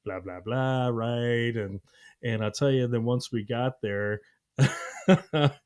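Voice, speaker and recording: Animated storytelling man, laughing often. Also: mid-range voice, slow pace. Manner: animated, laughing, acts out voices in his story. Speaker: podcast host. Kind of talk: casual storytelling chat.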